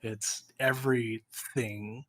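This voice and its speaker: A man on a voice call, patiently explaining language tones with a halting, filler-filled manner. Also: mid-range voice, fairly even intonation. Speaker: friend on a voice call. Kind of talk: casual explaining.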